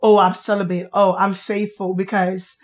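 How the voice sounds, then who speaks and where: A woman's voice: mid-range voice, level tone. A young woman from Haiti with a Haitian accent, chatting frankly and playfully as a podcast guest. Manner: blunt, frank and playful, quick bursts. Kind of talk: casual chat.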